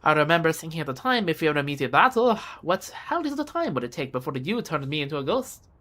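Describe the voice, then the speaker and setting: Woman reading a lowly self-deprecating minion, wistful, pitch goes all over. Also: very animated, quick pace, a bit bright. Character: humble low-ranking minion, self-deprecating. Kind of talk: game dialogue read aloud.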